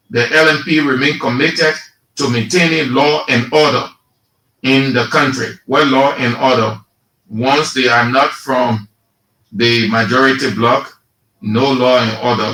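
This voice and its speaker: A man with a Liberian English accent hosting a radio talk show, giving slow, sarcastic political commentary and reading statements aloud. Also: medium pitch, sharp tone, reverberant, low-quality recording.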